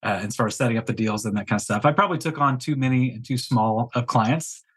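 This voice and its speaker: A man's voice: mid-range voice, fast, a bit bright, husky, low-quality recording. A male guest in an interview, a business coach, telling his story candidly with plenty of "um" and "like". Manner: candid storytelling with many fillers. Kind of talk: casual interview chat.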